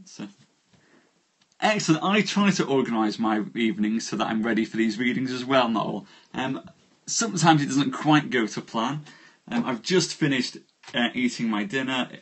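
A man's voice: medium pitch, normal speed, breathy edge. A man hosting a live storytelling stream, chatting and jokily greeting viewers by name before he reads. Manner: warm, jokey, greets viewers by name with lively rises. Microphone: phone livestream.

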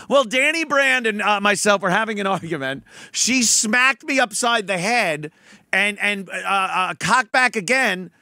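A man hosts a podcast with sarcasm and a lot of swearing, slipping into mocking impressions. His voice is high for a man and gravelly, and it swings all over. The sound is dry and close. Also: expressive, a little slow, sharp tone, no room sound. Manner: sarcastic, profane, mimics people in a put-on voice. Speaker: podcast host. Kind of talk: mocking commentary on played clips.

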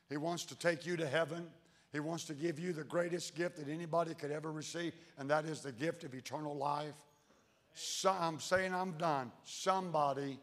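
A pastor preaches in a folksy, emphatic manner, his voice pitched a little high. He drops into low, intense tones to press a point. The sound carries a long reverb from the church hall. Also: steady tone, moderate pace, a bit bright. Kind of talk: sermon. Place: church sanctuary.

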